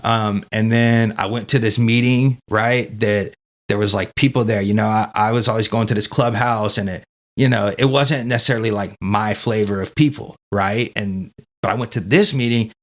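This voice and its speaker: A man speaks as a podcast guest in a somewhat low voice. His storytelling is loose and candid, full of swearing and fillers like "dude" and "you know". He sounds like an everyday guy talking straight. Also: fairly even intonation, normal speed. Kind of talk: casual storytelling.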